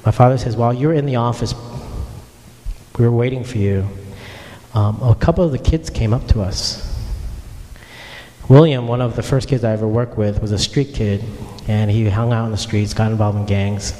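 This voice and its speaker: A man's voice: lowish voice, moderate pace, mellow. A man preaching a sermon and telling his own story earnestly, speaking straight to the congregation. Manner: earnest storytelling, addresses listeners directly. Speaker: pastor. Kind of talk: sermon with personal testimony. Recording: long reverb of a hall.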